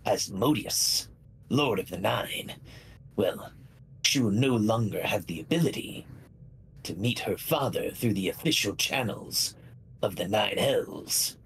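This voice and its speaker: Sly imp servant of a devil, voiced by a man, smooth and polite, lowish voice, faint background hiss. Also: animated, unhurried, poor audio.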